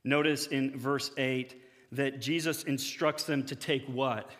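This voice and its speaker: A male pastor giving a conversational sermon to his church, often acting out quick imagined dialogues. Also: mid-range voice, fairly even intonation, a bit bright, big-room sound.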